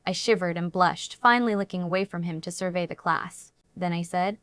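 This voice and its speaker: A woman narrating a dramatic first-person story in an even storytelling manner. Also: fairly low pitch, fairly quick, few pauses, clear, resonant tone, no room sound. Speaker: audiobook narrator.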